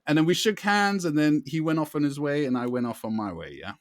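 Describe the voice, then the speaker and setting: A man, co-hosting a podcast and telling a long story in a lively way, often asking "you know what I mean". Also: a little high, fast, no echo, studio quality. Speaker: podcast co-host. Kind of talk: casual storytelling chat.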